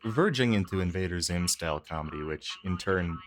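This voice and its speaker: A man with a very low voice narrates his own gameplay, trading sarcastic jokes with the game's characters. His delivery stays casual and wry throughout. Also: animated, brisk. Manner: sarcastic, joking. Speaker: gameplay commentator. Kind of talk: let's play commentary.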